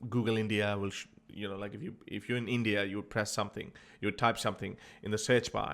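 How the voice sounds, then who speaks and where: A man's voice: fairly low pitch, vocal fry, a bit bright. A man giving comedic vlog commentary, mocking and laughing often, stammering when he gets flustered. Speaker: YouTube commentator.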